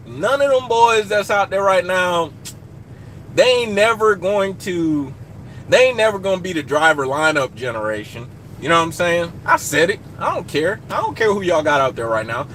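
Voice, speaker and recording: A young man streaming live from his truck cab, chatting casually and joking with viewers, hollering shout-outs into a phone. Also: high-pitched, slight background noise.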